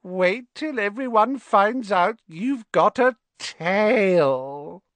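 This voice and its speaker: A man voicing the gleeful ghost of a teenage girl, shrill and slow, with drawn-out taunts. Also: animated, fairly bright tone, no echo, heavily acted. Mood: mocking.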